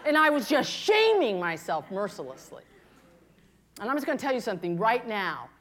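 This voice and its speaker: A woman in her fifties, a pastor preaching a candid, confessional sermon, moving between hushed and impassioned. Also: a little high, sing-song, normal speed, slight background noise. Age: 50s.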